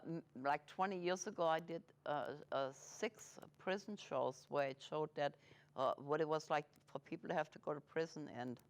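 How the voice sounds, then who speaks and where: Halting, rambling woman talk-show host. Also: sits low. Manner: rambling, halting with many restarts. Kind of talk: casual interview on local TV. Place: small TV studio.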